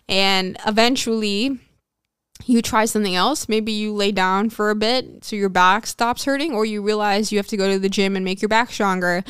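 A young woman talks in a casual, frank podcast ramble, quick with her fillers and asides. Her voice comes through very clear and smooth. The sound is close and dry, with no room around it. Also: medium pitch, dry recording. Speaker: podcast host. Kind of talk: casual personal storytelling.

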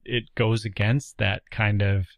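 A man's voice: on the low side, flat delivery, a little slow, dry recording. A man co-hosting a podcast, talking thoughtfully about books with fillers and reading endings aloud. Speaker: podcast co-host. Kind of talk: casual literary chat with read-aloud passages.

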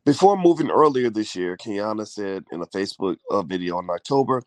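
A man's voice: lowish voice, animated, fairly quick, no room sound. A man hosting a casual live-stream chat with his wife, in a groggy morning voice and rambling with many fillers. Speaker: host.

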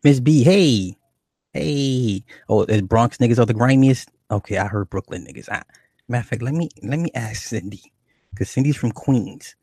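A man's voice: mid-range voice, moderate pace, warm tone, slightly rough, dry recording, clean studio sound. A man hosting a livestream, chatting casually and in a rambling, profane way, reading viewers' comments aloud. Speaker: livestream host.

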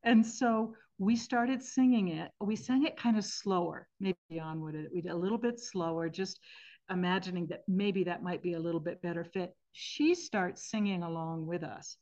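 A woman in her sixties, a podcast guest, telling stories about singing at the end of life in a thoughtful, earnest way with gentle restarts. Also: lowish voice, moderate pace. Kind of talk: reflective interview storytelling. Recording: slightly muffled podcast audio.

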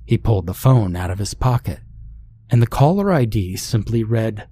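A man reading a scary story aloud in a measured, ominous storytelling voice. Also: on the low side, lively intonation, dark tone, husky. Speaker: narrator. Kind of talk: scripted horror narration.

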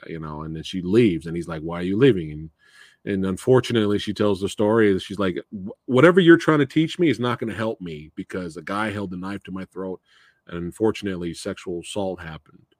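Guy hosting a movie chat, acting out the scenes, kinda low voice, dry sound. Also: no room sound. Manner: animated retelling of film scenes, acting out the characters' lines. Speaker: podcast host. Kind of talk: casual movie discussion.

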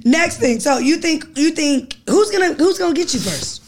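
A woman's voice: sits high, expressive. A woman guest on a podcast interview, brash and profane in casual banter. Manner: brash, fast-talking, profane. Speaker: reality TV star and producer guest.

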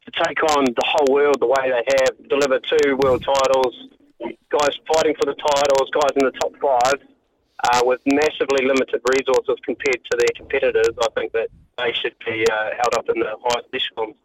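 Loud New Zealand caller on a phone line. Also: male voice, medium pitch. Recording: phone line with faint noise.

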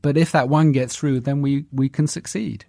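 A man's voice: mid-range voice, fairly even intonation, normal speed, gravelly, dark tone, no room sound, clean studio sound. A man as an interview guest, speaking articulately and earnestly in a casual conversation.

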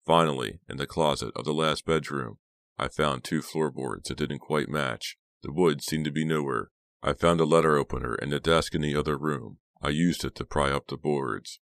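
A man's voice: very deep voice, normal speed, gravelly, a bit bright, no echo, full character voice. A man voicing a groggy, injured teenage boy who groans through his story.

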